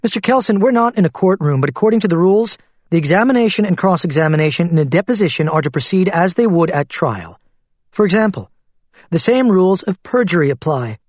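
A stern, composed woman lawyer, as a male narrator puts her on in a storybook reading. She speaks crisply and firmly, raised in pitch and lively in intonation. The voice sits close and dry. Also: no echo. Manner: crisp, measured, firm questioning. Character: stern, composed female lawyer questioning a witness.

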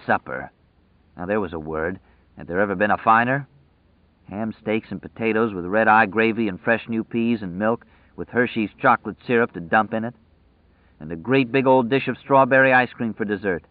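A man narrating an audiobook in a measured, dramatic storytelling manner. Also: on the low side, dry recording. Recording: dry tinny phone-like sound.

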